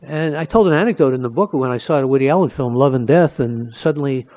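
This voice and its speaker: A man's voice: medium pitch, quick pace, warm tone. A man, an author giving a talk about his book, telling jokes and anecdotes and acting them out with voices. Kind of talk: lecture with joke-telling.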